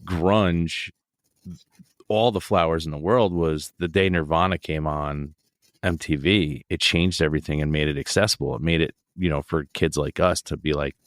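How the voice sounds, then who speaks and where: Opinionated band member, man in his 40s: low voice, dry and close, pushes his points hard. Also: fairly even intonation, moderate pace, no room sound. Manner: emphatic, opinionated, ranting. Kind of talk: casual interview chat.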